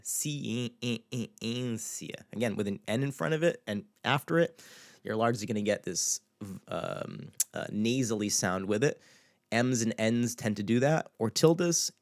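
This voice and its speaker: A native European Portuguese speaker with a European Portuguese accent, a man teaching a pronunciation lesson and slowly repeating words to model each sound. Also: on the low side. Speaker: language teacher.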